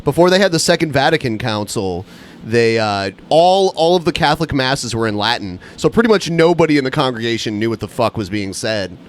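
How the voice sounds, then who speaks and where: A man's voice: medium pitch, lively intonation, a little fast. A man hosting a podcast in a casual, rambling chat, swearing freely. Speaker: podcast host.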